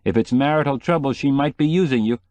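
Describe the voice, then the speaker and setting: A man's voice: mid-range voice, fast talker, darkish tone, no room sound, lo-fi sound, voice pushed up, natural voice. Blunt cautioning editor, somewhat raised voice, audiobook figure, as a man voices him, dry. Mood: wary. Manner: warning, blunt. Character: shrewd older male newspaper editor friend.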